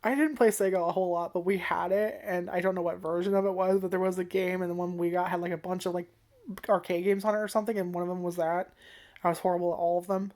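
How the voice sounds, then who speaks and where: A woman's voice: fairly low pitch, fairly even intonation, fast, a little mellow. Rambling, giggly young woman reviewer. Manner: rambling, giggly, swears a lot. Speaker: anime reviewer. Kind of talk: unscripted casual review.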